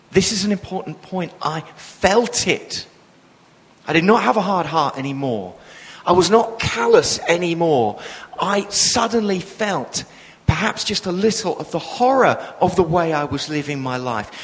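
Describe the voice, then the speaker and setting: Passionate preacher in an echoing hall. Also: male voice. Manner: passionate, emphatic, with sudden swells in pitch and volume. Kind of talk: sermon. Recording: long reverb of a large hall.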